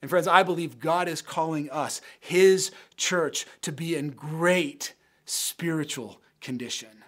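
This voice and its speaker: A man's voice: a little high, slow pace, fairly bright tone. A man preaching a sermon as pastor in an earnest, emphatic way, building phrases through repetition and then leading a prayer.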